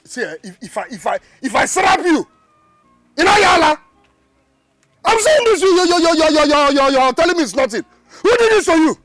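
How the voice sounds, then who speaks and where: An actor with a Nigerian accent playing a hot-tempered young man who stammers and shouts while defending his sister in a film. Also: very high-pitched, sing-song, moderate pace, faint music behind, heavily acted. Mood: angry. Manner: stammering, shouting, repeats words. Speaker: actor playing a protective older brother. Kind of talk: Nollywood film acting.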